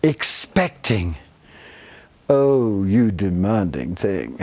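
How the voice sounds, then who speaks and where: An older man giving a spiritual talk to a retreat group, expressive and effusive, teasing his listeners fondly. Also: medium pitch, slow. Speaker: spiritual teacher.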